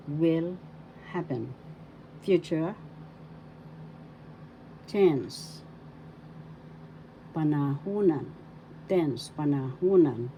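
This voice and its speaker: A woman teaches pronunciation in a low, mellow voice, taking her time. She is deliberate, breaking each word into its syllables and saying it several times. A faint background noise sits under her voice. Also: low-quality recording. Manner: deliberate, spells words out syllable by syllable and repeats them. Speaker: language teacher. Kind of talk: slow pronunciation lesson.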